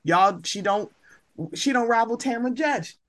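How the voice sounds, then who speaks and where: A woman's voice: fairly high pitch, animated, a little slow. A woman hosting a podcast, giving blunt, slangy commentary in casual chat and often acting out quoted reactions. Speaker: podcast host.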